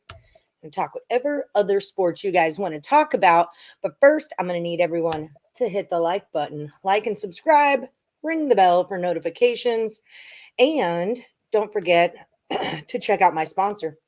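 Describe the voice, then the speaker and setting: A woman's voice: mid-range voice, a little mellow. A young woman hosting a casual sports betting live stream, chatty and joking as she talks picks and reads comments. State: out of breath. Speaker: sports betting show host.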